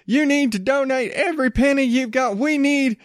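A man voicing a greedy male televangelist who pleads for donations in a high, pleading voice. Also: normal speed, no room sound, clean studio sound.

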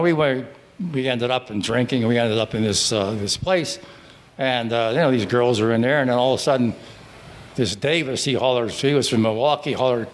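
Older man rambling through war stories. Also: mid-range voice. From Pittsburgh, Pennsylvania. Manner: rambling, halting, with many restarts and fillers. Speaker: veteran telling stories. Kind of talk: live storytelling at a breakfast gathering. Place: restaurant dining room.

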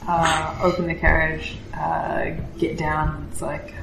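Gravelly player in casual tabletop play. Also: mid-range voice, monotone, music in the background. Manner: casual, halting. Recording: echoey room with background noise.

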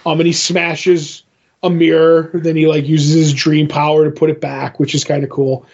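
A man's voice: fairly high pitch, little pitch movement, moderate pace, gravelly, darkish tone, dull audio. A man co-hosting a comic book podcast, retelling a story in a rambling, casual way with lots of fillers. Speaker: podcast co-host.

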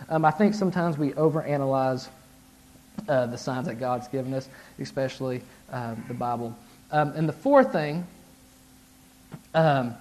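Conversational man preaching, fairly high voice. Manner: conversational, frequent "right?" and "like", restarts, acted-out inner voices. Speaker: pastor. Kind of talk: casual sermon.

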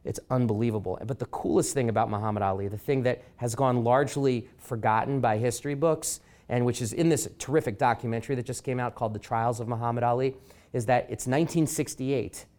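A man giving a talk at a library as an author, telling stories and acting out quotes with lively energy. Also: mid-range voice, fast. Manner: animated storyteller acting out quotes. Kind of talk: public lecture with anecdotes. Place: library event room.

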